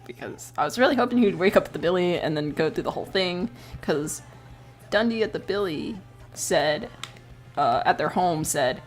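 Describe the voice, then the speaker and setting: A woman streamer with a somewhat low voice talks casually as she draws. She rambles, curses often and laughs easily. Soft music plays faintly in the background. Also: animated, moderate pace. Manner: rambling, swears a lot, breaks into laughter. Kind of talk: casual chat recapping a story while drawing.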